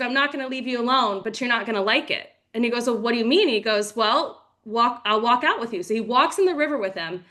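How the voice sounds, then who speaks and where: A woman leads a motivational team call with lively storytelling, acting out little quoted scenes as she goes. Her voice is bright and clear, sitting a touch high. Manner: energetic, storytelling, animated with acted quotes. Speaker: team leader.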